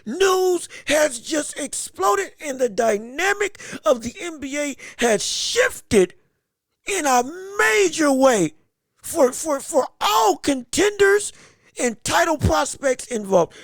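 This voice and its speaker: A man hosting his own sports podcast, excited and theatrical, talking through being sick. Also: very high voice, slow, no room sound, clean studio sound. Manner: hyped, theatrical, sing-song delivery with exclamations. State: sick, under the weather.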